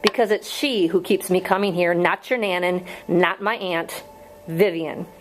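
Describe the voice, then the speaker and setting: A woman's voice: lowish voice, a little slow, faint music behind, lightly acted, poor audio. A woman voicing an earnest young male schoolteacher in an audiobook reading, pleading with strained patience.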